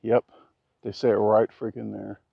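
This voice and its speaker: A man with a fairly low voice talks casually to camera at an outdoor building site, rambling between tasks and dropping jokes at himself. He keeps his naturally loud voice reined in. The action-camera audio sounds dry and a bit dull. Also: level tone, normal speed, gravelly, husky, no echo. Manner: joking, rambling, self-deprecating asides. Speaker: vlogger. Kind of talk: casual vlog talk to camera.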